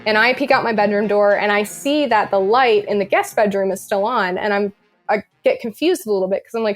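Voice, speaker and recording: A woman's voice: medium pitch, brisk, faint music behind. A young woman telling her own story on a podcast in a casual, rambling way, full of "like" and acted-out quotes. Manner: rambling, many "like"s, acts out quotes.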